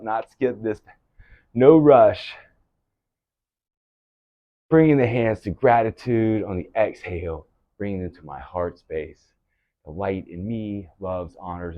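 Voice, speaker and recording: A man teaching yoga, giving calm breath-paced cues and gentle encouragement, out of breath. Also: lowish voice, unhurried, dry recording, narrow, tinny audio. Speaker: yoga instructor. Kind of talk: guided yoga cueing.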